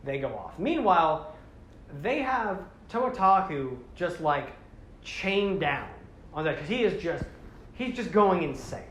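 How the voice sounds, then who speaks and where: A man's voice: sits high, big pitch swings, measured pace, fairly bright tone. A man casually recapping a story, rambling with lots of fillers and correcting himself as he goes. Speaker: show host. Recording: roomy with faint background noise.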